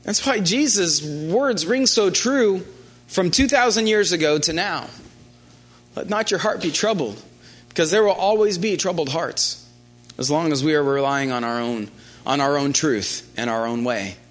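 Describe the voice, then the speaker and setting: A man preaching a conversational sermon, often restarting phrases and dropping into a quiet, low voice for quoted lines. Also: a little slow.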